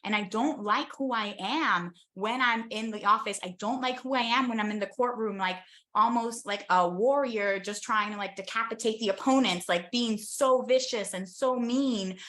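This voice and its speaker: A young adult woman from the United States tells her travel stories to an interviewer in an animated, enthusiastic flow, dotted with quick asides. Her voice sits a little high and sounds bright and forward, with a crisp edge. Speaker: interview guest, travel content creator. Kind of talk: casual storytelling in an interview.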